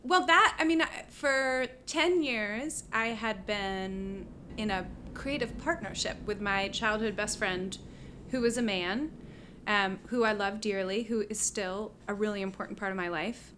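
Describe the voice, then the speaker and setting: Bright, lively woman telling stories. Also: mid-range voice, measured pace, slight background noise. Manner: animated, laughing, many fillers. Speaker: guest musician. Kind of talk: casual storytelling interview.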